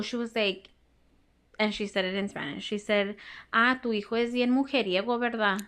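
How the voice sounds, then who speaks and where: A woman's voice: medium pitch, fairly even intonation, normal speed, gravelly, fairly bright tone. A woman in her thirties, telling a story in casual podcast chat, full of "like" and swearing, acting out what people said. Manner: chatty, says "like" constantly, swears, acts out quoted lines. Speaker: podcast co-host.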